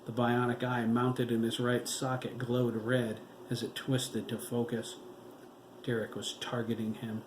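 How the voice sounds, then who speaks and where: A man reading his own horror novel aloud in a slow, dramatic storytelling manner. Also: medium pitch, completely flat delivery. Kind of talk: audiobook narration. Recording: echoey room with faint background noise.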